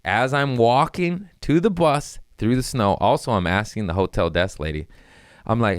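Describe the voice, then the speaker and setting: Profane, animated low-voiced male storyteller. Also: normal speed, dry recording, studio quality. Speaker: comedian podcast host. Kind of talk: casual storytelling chat.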